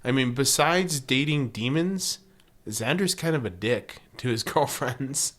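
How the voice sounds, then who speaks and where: A man's voice: expressive, unhurried, fairly bright tone. A man co-hosting a podcast, recapping a TV episode in casual chat, laughing often and cracking jokes. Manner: laughing, wisecracking, jumps into high mock voices for quotes. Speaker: podcast co-host.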